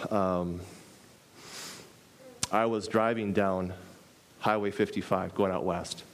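Animated man preaching a sermon. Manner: animated, acts out dialogue with pitch jumps; repeats phrases for emphasis.

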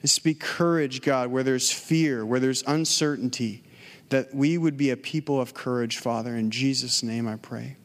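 A man's voice: medium pitch, moderate pace. A man preaching, telling a personal story in a casual way with many fillers, then leading a prayer. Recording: long hall reverb.

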